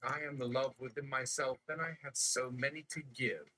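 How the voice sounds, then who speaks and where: A man's voice: mid-range voice, fairly even intonation, normal speed, bright, forceful tone, low-quality recording. A man on a live stream reciting numbered declarations one after another in a chanting manner. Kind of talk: slow counting recitation.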